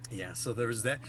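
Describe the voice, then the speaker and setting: A man's voice: medium pitch, vocal fry, a little hiss or hum. Laughing, swearing young man telling stories. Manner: animated storyteller who laughs often and swears. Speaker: podcast co-host. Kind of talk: casual chat.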